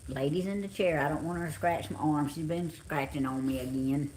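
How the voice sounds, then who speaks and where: Her voice is low-pitched, steady, brisk, and a bit dark, with a faint hiss or hum in the background. She's a middle-aged Southern woman from Georgia, US, lounging on her home couch, tired and yawning while casually greeting viewers by name on a live stream.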